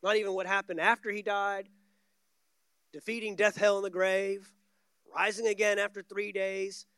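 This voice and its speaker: A man's voice: high voice, level tone, normal speed, fairly bright tone, clean tone, no echo. A man preaching a sermon from a church stage, emphatic and repeating key words for stress. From United States.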